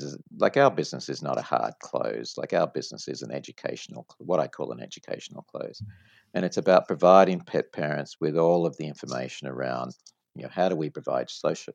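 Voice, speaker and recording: Deep creaky-voiced man explaining business. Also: a little mellow, no room sound. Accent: non-American. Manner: explanatory, storytelling with examples. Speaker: franchise executive guest. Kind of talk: business interview.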